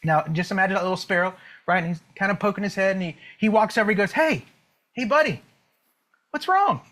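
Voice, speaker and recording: A man coaches an online audience through a motivational story, talking very fast in a high-pitched, steady, slightly bright voice. He keeps checking in with "okay?" and "right?" and stretches out key words for emphasis.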